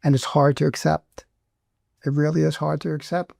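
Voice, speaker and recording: A middle-aged man, a veteran guest in an interview, speaking with emotion and pausing often to restart. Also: a little high, flat delivery, creaky, darkish tone, no room sound, studio quality. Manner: emotional, halting, many restarts.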